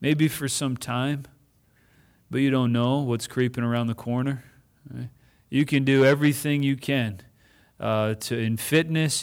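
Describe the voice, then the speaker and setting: A man preaching a sermon in a conversational way, asking the congregation questions and voicing imagined speakers. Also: medium pitch.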